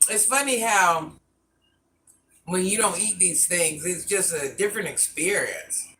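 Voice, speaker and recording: Savoring her meal on a live stream, an older mukbang host talks easily with her audience. She has a lowish, expressive, sharp-toned voice and speaks without hurry. Faint background noise comes through a distant microphone.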